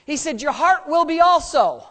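An expressive male preacher speaks at a moderate pace during a sermon in a church sanctuary. He's emphatic, veering from loud bursts to hushed asides, with jokes mixed in.

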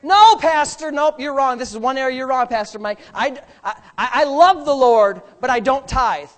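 A preacher playing an indignant churchgoer. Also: male voice, very high-pitched, normal speed. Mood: protesting. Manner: protesting, insistent. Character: indignant churchgoer defending his money.

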